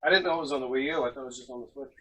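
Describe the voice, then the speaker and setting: A man's voice: medium pitch, rapid-fire, sharp tone. A man co-hosting a casual comic podcast, goofy, crude and rambling. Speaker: podcast co-host. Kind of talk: casual comic-shop banter. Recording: distant mic with faint noise.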